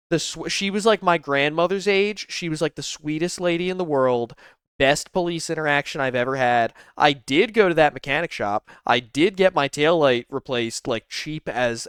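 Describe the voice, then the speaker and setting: A man tells a story from his own life with lots of swearing and animated asides. His voice is smooth and resonant. It sounds dry and close to the mic. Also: a little high, no echo. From Philadelphia area. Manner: profane, animated anecdote-telling. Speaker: channel host commenting on clips. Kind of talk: casual storytelling commentary.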